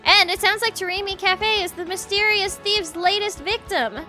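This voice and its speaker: A woman voicing a theatrical young bird playing detective, dramatic and prone to shouting. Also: very high voice, moderate pace, faint music behind, voice pushed up.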